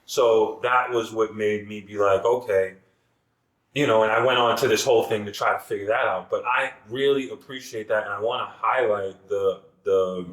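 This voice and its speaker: A man's voice: on the low side, fairly even intonation, normal speed, hardly any pauses, a bit bright. A man talking as a guest in a casual podcast conversation, earnest and circling back with many restarts. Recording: echoey room.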